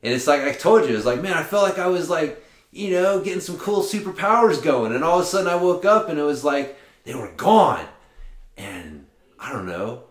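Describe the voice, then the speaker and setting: A man's voice: a little high, lively intonation, moderate pace, reverberant. A man co-hosting a podcast in casual chat, rambling with restarts and swearing freely. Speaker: podcast co-host.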